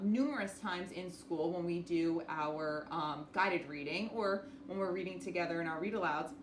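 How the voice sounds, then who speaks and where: A woman teaching a phonics lesson to young children, speaking slowly and clearly and encouraging them. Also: medium pitch. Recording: echoey room with faint noise.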